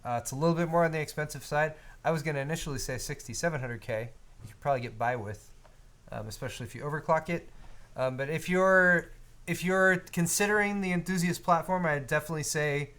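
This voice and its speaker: Male co-host, slightly raised pitch, casual live-stream banter answering viewer questions. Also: clean tone. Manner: relaxed, reads viewer donations aloud; frequent fillers and restarts, conversational. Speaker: co-host of a hardware show.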